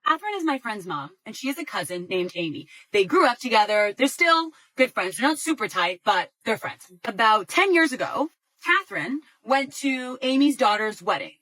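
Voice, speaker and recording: A young woman casually narrating a gossipy story, animated and chatty, with lots of "like". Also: a little high, normal speed, no room sound, rough recording.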